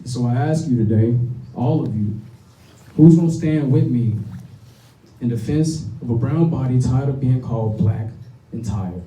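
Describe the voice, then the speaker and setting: A man's voice: medium pitch, measured pace, pauses often, warm tone. A young man with a Chicago accent performing spoken word poetry at a microphone, rhythmic, intense and blunt. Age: young adult. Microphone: stage microphone. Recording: roomy sound from a distant mic.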